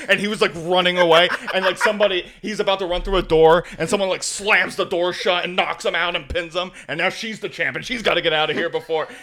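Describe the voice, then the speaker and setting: A young man co-hosting a casual podcast, rambling and excitable, laughing often as he explains things. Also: high-pitched, fairly quick, few pauses. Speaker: podcast co-host.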